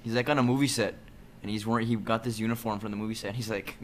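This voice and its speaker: A man's voice: lowish voice, fairly even intonation, rapid-fire, a little hiss or hum. A man co-hosting a podcast from home, chatting in an easygoing, laid-back way on a desk mic. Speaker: podcast co-host. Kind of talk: casual chat. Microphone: desk USB microphone.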